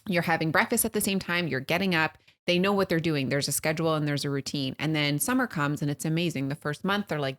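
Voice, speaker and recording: A woman in her thirties with a notably low voice talks casually on a podcast. She tells stories with animated energy and slips into quick impressions of the people she quotes. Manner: animated storytelling, acts out her kids' and her own quotes. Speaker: podcast co-host. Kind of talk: casual chat.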